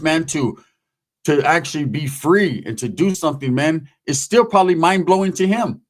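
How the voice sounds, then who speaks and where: Man in street-slang commentary, slightly high. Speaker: YouTube commentator. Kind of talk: casual monologue commentary.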